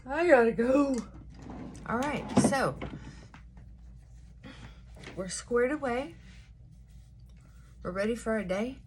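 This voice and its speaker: A woman's voice: a little high, lively intonation, takes it slowly, long pauses, very noisy. A woman vlogging a casual morning chat, sassy and chatty, short on sleep and punchy, giving herself a pep talk.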